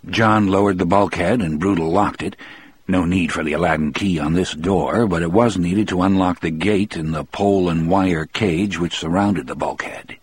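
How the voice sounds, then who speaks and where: Deep, husky male audiobook narrator. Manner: measured, steady storytelling. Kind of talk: audiobook reading, first-person.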